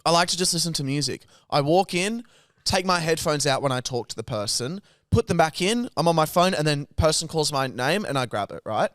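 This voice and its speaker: Aussie bloke rambling thru a story on a podcast, kinda high voice, dead dry sound. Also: male voice, lively intonation, a little fast, a bit bright, no echo. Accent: Australian. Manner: rambling anecdote with acted-out quotes, sweary. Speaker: podcast co-host. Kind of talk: casual chat, storytelling.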